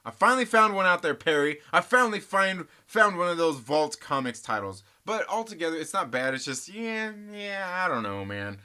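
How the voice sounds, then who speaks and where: A man's voice: fairly high pitch, big pitch swings, moderate pace, hardly any pauses, pushed and bright, clear, resonant tone. A man hosting a comic book channel, chatting casually and rambling, joking and teasing and addressing viewers as guys. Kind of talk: casual rambling vlog chat.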